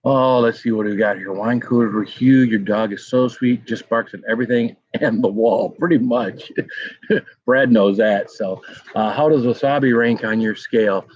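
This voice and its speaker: A middle-aged man rambles through casual livestream chat at home, reading viewer comments aloud with plenty of ums and uhs. His voice sits in an ordinary middle pitch. The sound is dry and a bit dull, like a lo-fi home mic. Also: moderate pace, a little mellow, no room sound. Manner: chatty, rambling, with many fillers. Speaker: livestream host.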